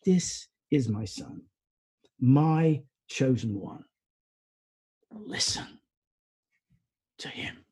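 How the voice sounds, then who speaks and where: A man's voice: medium pitch, very animated, extremely slow, slightly rough, voice pushed down, heavily acted. A man voicing God speaking solemnly from a cloud in a sermon retelling.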